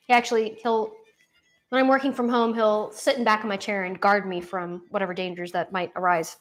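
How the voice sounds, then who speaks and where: A woman's voice: medium pitch, level tone, a little fast. A young woman chatting casually and rambling on a livestream from home, with lots of fillers and restarts. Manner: swears casually, self-deprecating humor. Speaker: livestream host. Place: at home with her dog. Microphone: laptop.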